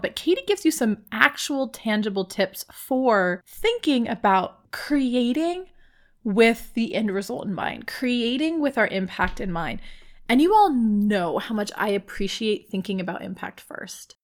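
A woman hosting a podcast, talking in a chatty, expressive monologue and calling herself loud. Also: mid-range voice. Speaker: podcast host.

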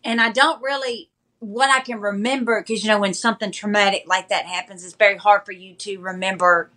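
A woman, a podcast guest speaking in a halting, measured way with frequent pauses. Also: medium pitch, steady tone, sharp tone. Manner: halting, measured retelling with many pauses and fillers. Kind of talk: conversational interview.

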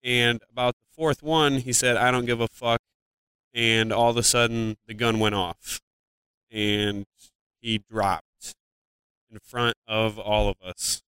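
A man's voice: lowish voice, fairly even intonation, slow pace, pushed and bright, clear, resonant tone, no echo. A comedian from Ohio, a man, telling a personal story in a casual podcast interview, rambling with many fillers and swearing now and then. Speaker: comedian guest.

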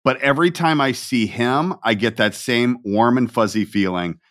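A man hosting a podcast, chatting and reminiscing in a relaxed way with a guest. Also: medium pitch, moderate pace, no echo, clean studio sound. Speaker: podcast host. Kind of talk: casual interview chat.

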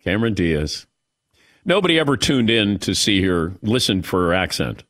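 A man hosting a sports talk radio show, chatting casually with jokes and quick asides. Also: on the low side, sing-song, fairly bright tone, no echo, studio quality. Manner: conversational, joking, quick asides. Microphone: studio broadcast mic.

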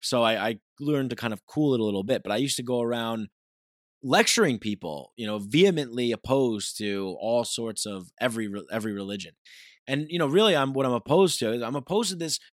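A man's voice: mid-range voice, expressive, brisk, no echo, studio quality. Intense, profane man ranting. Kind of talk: ranting monologue.

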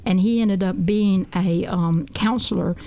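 A woman's voice: mid-range voice, measured pace, mellow. A woman guest on a talk show, telling her testimony in an earnest, folksy way and often repeating "I said.". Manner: earnest, folksy storytelling with a lot of "I said".

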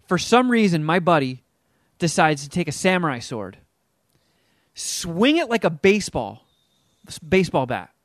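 A middle-aged man tells a story in a casual podcast chat, his voice a little high for a man. He is animated and acts out the people he quotes, with big jumps in pitch. The sound is dry and close, with no room around it. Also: moderate pace, long pauses, dry recording. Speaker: guest telling a story.

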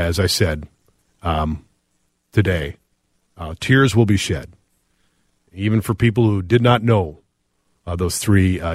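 Earnest male radio talk host, middle-aged, low voice, dry studio sound. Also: no room sound. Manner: earnest, reflective, with frequent "uh" pauses. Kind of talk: radio call-in talk, reading listener texts.

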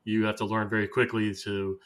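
Bright, chatty American podcast host. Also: male voice, lowish voice, flat delivery, fairly quick. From United States. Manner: chatty, anecdotal, laughs easily. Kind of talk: casual podcast conversation.

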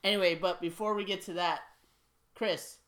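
A man's voice: high-pitched, steady tone, pushed and bright. A man hosting a podcast, chatting casually and teasing his co-host. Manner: teasing, quick to laugh. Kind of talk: casual chat.

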